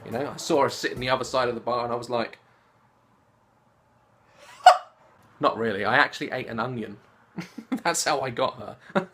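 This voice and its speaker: A man in his late twenties answers fan questions to camera in a casual, giggly, animated way. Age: 20s. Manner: giggly and animated, jumping into squeaky voices. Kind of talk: casual Q&A vlog. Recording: soft music playing underneath.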